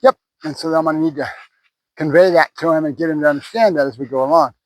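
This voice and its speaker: A man's voice: on the high side, quick pace, poor audio. A man who trains dogs, talking casually to the camera outdoors between words of praise to a puppy. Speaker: dog trainer.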